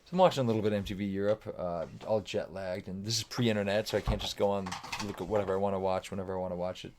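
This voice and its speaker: Against a noisy background, a low-voiced man races through casual stories as a podcast guest musician. He's animated, acting out quoted remarks, using "like" constantly, and swearing casually.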